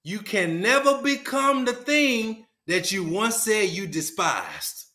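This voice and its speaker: A man retelling the words of an elderly male religious leader, speaking slowly with a stern, fatherly tone. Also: high voice, sing-song, bright, forceful tone, heavily acted. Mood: solemn. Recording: roomy echo.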